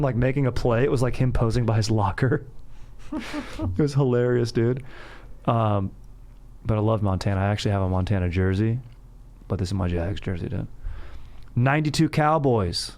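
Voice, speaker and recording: A man's voice: mid-range voice, expressive, normal speed, pauses often, darkish tone. A man hosting a casual sports podcast, rambling and joking, often breaking into laughter. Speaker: podcast host.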